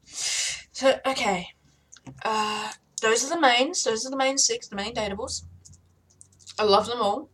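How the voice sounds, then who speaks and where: Excitable young Australian woman. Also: fairly high pitch, unhurried, pauses often, a little hiss or hum. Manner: excitable, swears casually, lively. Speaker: video creator. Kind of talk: casual chat.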